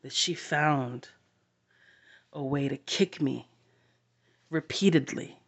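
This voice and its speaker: A woman sharing a personal story to camera, halting and heartfelt, with long pauses. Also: extremely low pitch, gravelly, breathy edge.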